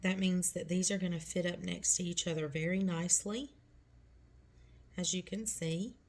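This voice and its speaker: A woman's voice: fairly low pitch, fairly even intonation, normal speed. A middle-aged woman talking through a nail tutorial step by step, chatty and reassuring.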